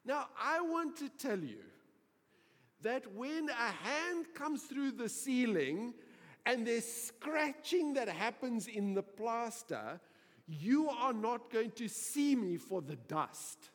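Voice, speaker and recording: A man preaching a sermon, telling stories in an animated, humorous way. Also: very high voice, takes it slowly. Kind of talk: sermon storytelling. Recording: reverberant hall.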